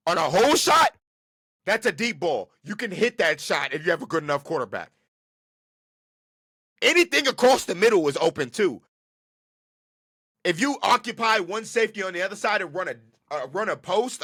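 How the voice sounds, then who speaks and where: Animated man ranting about football. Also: high voice. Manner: ranting, emphatic, repeats himself; slangy and casual. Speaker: podcast host. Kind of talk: solo football commentary.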